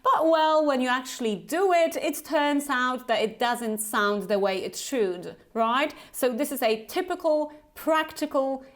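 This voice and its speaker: Slow, careful woman teaching pronunciation. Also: sits high. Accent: light Polish. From Poland. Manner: slow, deliberate modelling of words, repeating each twice. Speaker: Business English pronunciation trainer. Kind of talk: pronunciation lesson with repeat-after-me drills.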